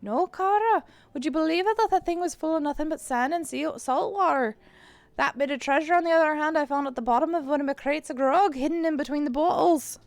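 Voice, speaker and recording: Woman voicing a smug pirate guy, teasing and quick, pitched up high, gravelly edge, dry close sound. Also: no echo. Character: cocky teasing male pirate sailor.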